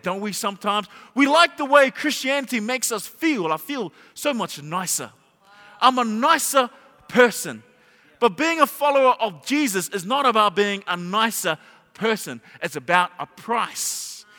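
Bright-voiced man preaching in a reverberant hall. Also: extremely high pitch. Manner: humorous storytelling with rhetorical questions. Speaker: pastor. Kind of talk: sermon.

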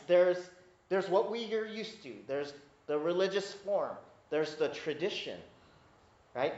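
A man preaching a sermon as pastor, teaching in a conversational way with asides and restarts, pitch climbing when he grows emphatic. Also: darkish tone. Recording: echoey hall, dull lo-fi sound.

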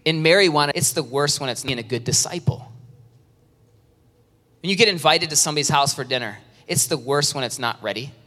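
A man preaching an animated sermon, acting out worried churchgoers in a high, strained voice. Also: brisk. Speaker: pastor. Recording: reverberant hall sound.

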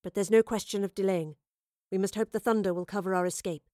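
A woman voicing a brooding female soothsayer who speaks low and testily. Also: steady tone, fast talker, warm tone, no echo, clean studio sound, close to an everyday voice. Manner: low, muttering, testy.

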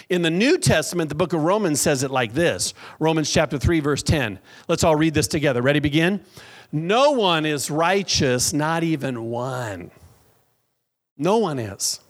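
A middle-aged man preaching a lively sermon in a church, drawing call-and-response from the congregation. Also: a little high. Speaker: pastor.

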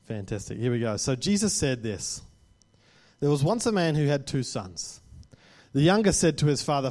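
A man's voice: mid-range voice, big pitch swings, moderate pace, a little mellow. A man preaching a sermon to a congregation, speaking conversationally and often checking in with "right?".

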